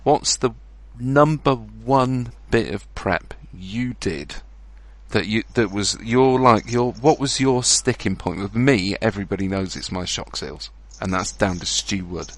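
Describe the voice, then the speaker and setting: A man co-hosting a podcast, quick and bantering in his chat. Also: on the low side, no room sound. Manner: quick, bantering, laughs often. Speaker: podcast co-host.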